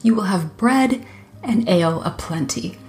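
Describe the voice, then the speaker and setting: A woman voicing a cunning male dragon in a storybook reading, speaking smoothly and smugly. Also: mid-range voice, lively intonation, measured pace, a little mellow, close to an everyday voice. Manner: smooth and smug.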